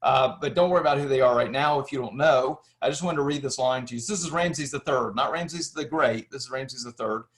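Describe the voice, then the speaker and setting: A man's voice: medium pitch, brisk, few pauses. A man giving a history lecture, walking through slides and asking and answering his own questions, with frequent restarts.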